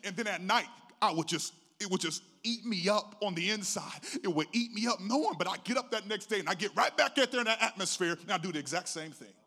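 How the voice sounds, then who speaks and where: A middle-aged pastor preaches a sermon, recounting his own story in a sing-song cadence that builds from a hush to a shout. His voice is high and lively, and he talks fast with hardly a pause.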